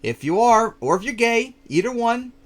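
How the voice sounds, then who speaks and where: A man's voice: very high voice, big pitch swings, normal speed, fairly bright tone. A man hosting a casual reaction podcast, blunt and mocking, with many fillers. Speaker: podcast host.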